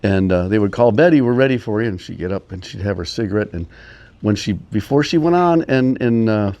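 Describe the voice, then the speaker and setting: Gravelly older man telling stories. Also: fairly low pitch, warm tone. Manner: meandering, chuckling, many pauses. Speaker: storyteller. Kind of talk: casual storytelling.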